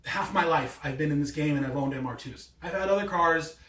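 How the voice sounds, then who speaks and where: A man's voice: on the high side, fairly quick, a bit bright, a little hiss or hum. A man in his thirties telling a rambling, exasperated story in a casual vlog. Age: 30s. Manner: rambling, exasperated, many restarts. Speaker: car vlogger. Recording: echoey, mic at a distance.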